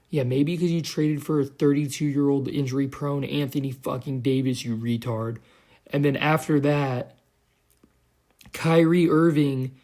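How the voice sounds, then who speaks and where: A man's voice: mid-range voice, darkish tone. A young man giving a heated, profane, sarcastic commentary rant as a vlogger. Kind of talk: ranting commentary.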